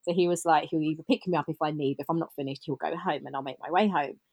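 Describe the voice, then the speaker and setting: A woman, telling her story as a podcast guest in an animated way, acting out bits of dialogue. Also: sits low, fast, slightly rough, no room sound, dull audio. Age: 40s. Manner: animated, laughs often, reenacts dialogue. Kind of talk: casual storytelling.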